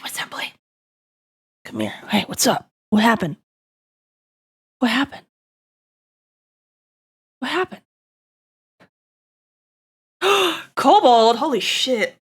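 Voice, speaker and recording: A woman streaming live, chatting to her viewers in an excitable, giggly way. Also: a little high, slightly rough. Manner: excitable, giggly, talks straight to chat.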